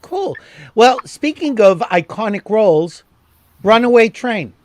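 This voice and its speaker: Male talk host, high voice, dry close sound, encouraging short prompts. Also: big pitch swings, unhurried, dry recording. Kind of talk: interview host.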